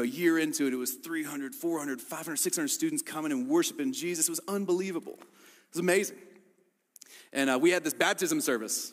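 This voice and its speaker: A man preaching a sermon as a pastor, telling a story with lively voices for the people in it. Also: medium pitch, in a large hall. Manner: animated storytelling, acting out quoted voices.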